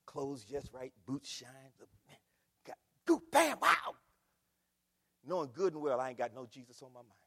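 A middle-aged man preaching a sermon in a church, swinging between shouts and hushed, emphatic lines. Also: on the high side, creaky, breathy edge. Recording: long reverb of a large hall.

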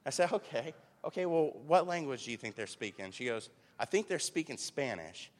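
A man's voice: fairly high pitch, expressive, a little fast. A man in his thirties preaching a sermon, telling personal stories in a conversational way with rhetorical questions. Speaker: pastor. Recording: long hall reverb.

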